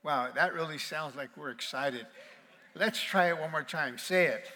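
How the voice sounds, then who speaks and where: High, bright-voiced pastor preaching in a hall. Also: male voice, a little slow. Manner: playful, calls on the congregation to respond. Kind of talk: sermon. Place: large auditorium with balcony.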